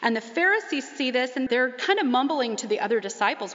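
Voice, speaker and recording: A woman giving a sermon, retelling a gospel story with quick asides and acting out the voices of the people in it. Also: sits high, lively intonation, a bit bright. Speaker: Bible teacher. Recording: muffled, long hall reverb.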